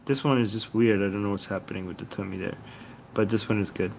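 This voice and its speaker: Relaxed man co-hosting a livestream. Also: on the low side, quick pace, creaky, slight background noise. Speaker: co-host. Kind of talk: casual livestream chat.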